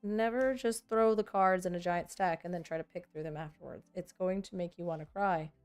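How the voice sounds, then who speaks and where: A woman's voice: lowish voice, fairly even intonation, a little fast, a little mellow, clean tone, faint music behind. A woman vlogger chatting casually and thinking aloud while she sorts trading cards, often poking fun at herself. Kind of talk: casual chat while working.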